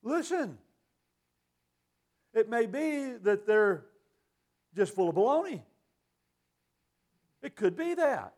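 A man's voice: high-pitched, very animated, takes it slowly, pauses often, darkish tone. A man preaching a sermon in a folksy, emphatic way, quoting scripture.

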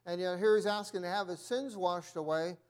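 A man teaching a church Bible lesson, clearing his throat often and reading from his notes. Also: high-pitched, fairly even intonation, a little fast, a little mellow. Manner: frequent throat clearing, reads aloud from notes.

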